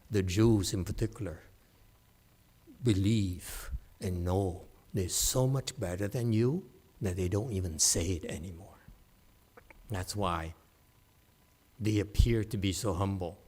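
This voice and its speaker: A man leads a meditation class with a funny dharma talk, poking fun at his listeners, joking, and asking for their agreement. He speaks a little slowly in a low, darkish voice with a breathy edge, leaving long pauses.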